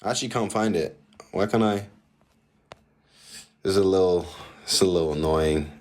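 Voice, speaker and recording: A man's voice: low voice, normal speed, darkish tone. A man hosting a live online debate, talking in a lecturing, patronizing way. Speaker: debate host.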